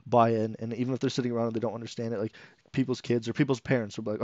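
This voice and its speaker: A man, a guest player, chatting casually on a podcast, talking rapidly with many fillers and acting out quotes. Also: mid-range voice, fairly even intonation, dark tone, dry recording. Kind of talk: casual esports podcast chat. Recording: dull, lo-fi audio.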